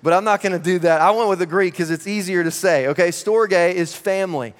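Male pastor, sermon, energetic and conversational, slightly high voice; reverberant hall. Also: fairly quick. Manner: energetic, conversational, laughing asides. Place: church. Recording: long reverb of a large hall.

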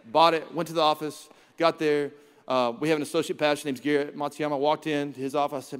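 A man's voice: on the high side, steady tone, rapid-fire. A man preaching a sermon as pastor, telling a self-mocking story and acting out his own quoted lines. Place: church sanctuary. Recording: long hall reverb in church.

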